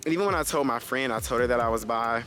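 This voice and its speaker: A man's voice: medium pitch, quick pace, a bit bright, soft background music. A young man vlogging, telling a personal story in a casual way and speaking straight to his viewers. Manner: talks straight to viewers, calls them guys.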